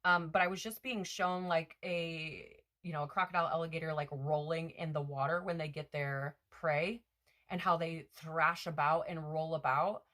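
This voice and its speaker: A woman's voice: deep voice, fairly even intonation, moderate pace, fairly bright tone. A woman giving a casual spiritual card reading, rambling with lots of fillers and self-corrections. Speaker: tarot reader.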